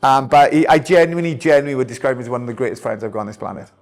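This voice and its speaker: A man's voice: medium pitch, steady tone, rapid-fire. A middle-aged Welsh man who is a guest on a podcast, bantering in a teasing, playful way. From Wales. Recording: long hall reverb.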